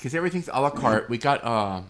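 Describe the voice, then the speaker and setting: A man co-hosting a podcast, telling a funny story in a casual, profane, animated way and often breaking into laughter. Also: medium pitch, fast talker, background noise. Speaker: podcast co-host.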